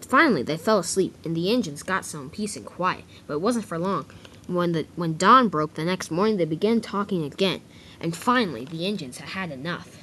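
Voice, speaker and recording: A woman's voice: lowish voice, expressive, brisk, fairly bright tone, a little hiss or hum. A woman casually narrating a homemade toy train story, with small slips and restarts.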